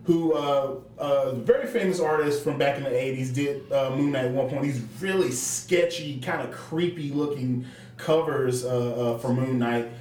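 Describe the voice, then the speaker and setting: A man's voice: on the high side, a little mellow, distant mic. A man co-hosting a casual comic book podcast, rambling with lots of fillers and restarts. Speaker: podcast co-host. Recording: echoey room, off-mic, faint noise.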